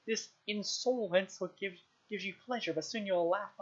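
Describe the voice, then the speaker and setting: A woman's voice: medium pitch, normal speed, slightly rough, muffled recording, close to an everyday voice. A woman voicing a cruel, domineering duchess who speaks coldly and with menace. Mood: menacing. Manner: cold, menacing.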